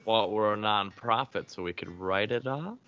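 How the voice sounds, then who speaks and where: A man's voice: fairly low pitch, normal speed, highs cut off, a little hiss or hum. A man co-hosting a podcast in casual chat, blunt and wisecracking. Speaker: podcast co-host.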